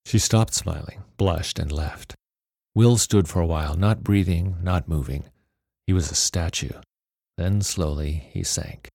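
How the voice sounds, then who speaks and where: A man narrates a novel aloud in a steady, measured reading. His voice is very low and gravelly. The recording is dry and close. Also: no echo. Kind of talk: storybook narration.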